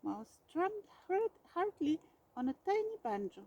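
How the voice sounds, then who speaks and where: A woman reading a children's storybook aloud with gentle, expressive narration. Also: very high-pitched, normal speed, no echo, rough recording.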